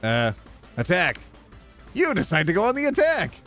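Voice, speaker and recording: A young man streaming a dating sim, reading the game's text aloud with playful commentary, animated and quick to yelp. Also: high-pitched, faint music behind. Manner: animated, jumping from flat reading to excited yelps.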